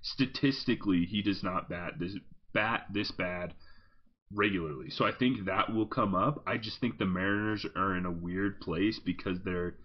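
Husky low-voiced man reasoning calmly. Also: moderate pace, highs cut off. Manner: calm, reasoning, casual filler-laden. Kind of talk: sports talk.

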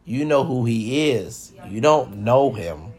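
A swaggering man rants to his audience in a casual, profane monologue, looping the same phrases again and again. His voice is husky and grainy, and his pitch leaps and dives all over. He lurches from loud boasts to near-murmurs. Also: expressive, slow pace. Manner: repeats phrases, big swings between loud and hushed. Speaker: host of an hour-long live show.

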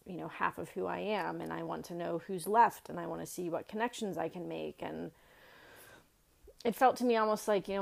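A woman's voice: lowish voice, vocal fry. A middle-aged woman earnestly telling a personal family story, reflective, with many fillers and restarts.

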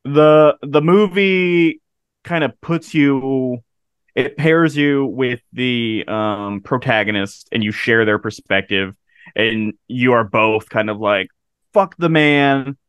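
A man's voice: mid-range voice, slow, a bit bright, clear, resonant tone, dry recording. A man in his thirties chatting casually about a film, laughing often and swearing freely. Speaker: podcast co-host.

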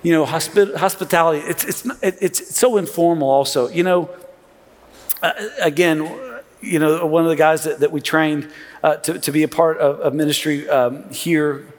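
Middle-aged pastor preaching in a reverberant sanctuary. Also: male voice, on the high side, normal speed. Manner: conversational and animated, with sarcastic asides and frequent restarts. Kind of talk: sermon. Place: large church sanctuary. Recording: long reverb of a large church hall.

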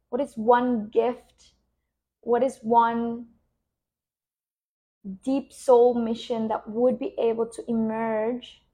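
A woman podcast host and business coach, speaking slowly and soothingly as she guides a relaxation and coaching reflection. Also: fairly high pitch, a little mellow.

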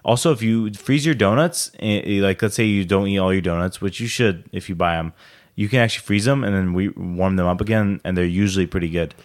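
A young man hosts a casual podcast chat in a fairly low voice. He rambles along with plenty of fillers and restarts. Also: a little fast. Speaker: podcast host.

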